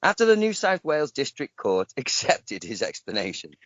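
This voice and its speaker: Male podcast host, animated delivery, jokey news reads, dry lo-fi mic. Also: mid-range voice, normal speed, dry recording. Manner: joking, often laughing mid-sentence. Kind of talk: casual chat reading news stories aloud.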